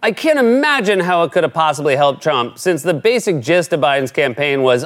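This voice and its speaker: A man with a fairly high voice delivers a late-night comedy monologue. His tone is sarcastic and wry. A faint hiss runs under his voice. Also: very animated, a little fast, hardly any pauses, fairly bright tone. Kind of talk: scripted comic monologue.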